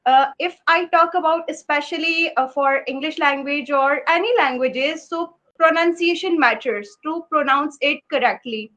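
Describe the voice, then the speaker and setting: Woman host, Urdu native, very high voice, hesitant questions. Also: moderate pace, hardly any pauses, pushed and bright, low-quality recording. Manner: hesitant, many uh fillers. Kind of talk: interview questions.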